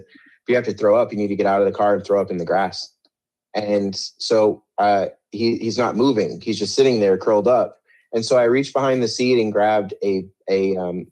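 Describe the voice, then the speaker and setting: Middle-aged guy telling his story, low-pitched, rambly and defensive, lots of restarts. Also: a little mellow. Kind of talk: conversational interview storytelling.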